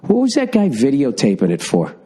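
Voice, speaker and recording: A man's voice: medium pitch, huge pitch swings, fairly quick, warm tone, slightly rough. A middle-aged man hosting a podcast, ranting sarcastically through a profane comedic monologue. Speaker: podcast host.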